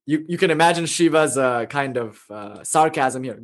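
A man's voice: medium pitch, lively intonation, normal speed, hardly any pauses. A man giving an informal lecture on spiritual ideas, speaking conversationally and often adding "you know" and small chuckles. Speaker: spiritual teacher.

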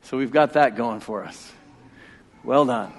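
A man in his forties preaching a sermon as pastor, emphatic and repeating key phrases, swinging between loud and hushed. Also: mid-range voice, measured pace. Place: church sanctuary. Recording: long reverb of a church hall.

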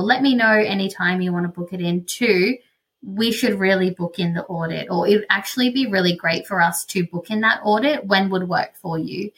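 A woman's voice: medium pitch, a bit bright. A woman hosting a solo business podcast, explaining sales technique in a conversational way with frequent fillers. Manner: conversational, explanatory, many "you know" fillers. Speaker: podcast host, business consultant.

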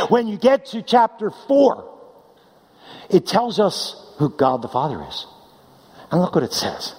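A man preaching a sermon, animated, swinging between loud high declaiming and quiet low asides. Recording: long hall reverb.

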